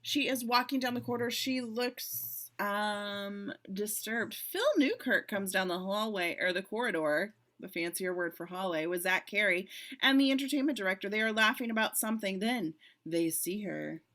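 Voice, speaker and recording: Bright-voiced woman reading stage directions. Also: medium pitch, moderate pace. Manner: chatty, laughs and asides between directions. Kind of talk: casual script reading over video call. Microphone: home computer mic on video call.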